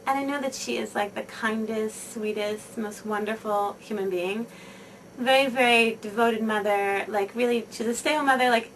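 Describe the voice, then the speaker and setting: A woman reading aloud and then talking casually to other mothers, halting, with many fillers and repeated emphasis. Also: fairly high pitch, recorded from a distance, slight background noise, rough recording.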